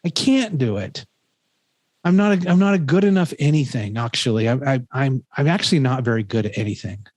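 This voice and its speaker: A man's voice: mid-range voice, lively intonation, brisk, a little mellow, dry recording. A man in his fifties, a professor, telling a story in casual conversation, earnest and rambling with lots of fillers and restarts. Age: 50s. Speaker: professor and podcast host.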